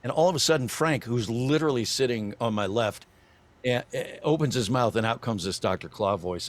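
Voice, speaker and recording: An older man, a voice actor guest on a podcast, telling an animated story with lots of restarts and fillers. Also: medium pitch.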